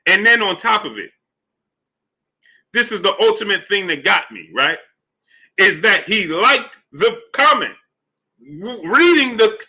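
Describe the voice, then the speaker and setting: A man's voice: a little high, breathy edge. A man hosting a boxing live stream, greeting chat viewers by name between emphatic, questioning commentary. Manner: shouts out chat names between points, rising emphatic questions. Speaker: boxing channel host.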